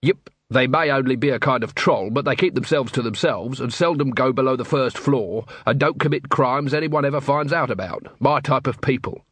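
A man's voice: mid-range voice, normal speed, few pauses, fairly bright tone, slightly rough, no echo. A man voicing a weary, cynical middle-aged watch captain in an audiobook, with a dry, grumbling manner.

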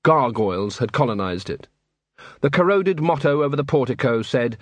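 A man reads an audiobook in a measured, wry way. His voice is husky and of middling pitch, and the recording is dry and close with no room sound. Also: expressive, no room sound. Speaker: audiobook narrator. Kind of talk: scripted narration.

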